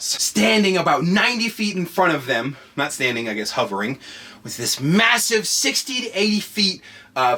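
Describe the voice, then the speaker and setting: A man hosting a podcast, telling a story comedically with heavy swearing, jumping between hushed lines and shouting. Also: mid-range voice, husky. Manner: profane, excitable, swings between hushed and shouting. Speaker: podcast host.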